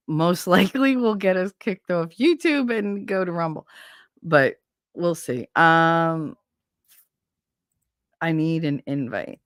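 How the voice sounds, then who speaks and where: A woman hosts a relaxed livestream with a lowish voice, talking into a desk mic in a dry, close sound. She drifts between thoughts, swears casually and breaks into laughter often. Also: clean tone, dry recording. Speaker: livestream host. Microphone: desk microphone.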